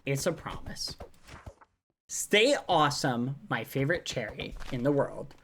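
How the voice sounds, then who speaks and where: A woman streamer, softly reading fan messages aloud, laughing often. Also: a bass voice, sing-song, unhurried, slight background noise. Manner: soft, affectionate, laughs often.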